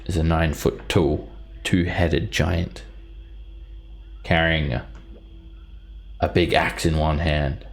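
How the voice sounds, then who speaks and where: A man narrating as game master of a tabletop game, describing the scene in an unhurried way with fillers. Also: rumbling low, flat delivery, vocal fry, slight background noise, low-quality recording.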